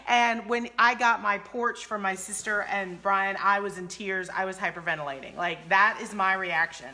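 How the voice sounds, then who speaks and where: A woman's voice: mid-range voice, normal speed, few pauses, bright, forceful tone. A woman hosting a furniture painting livestream, chatting casually and telling stories with animation.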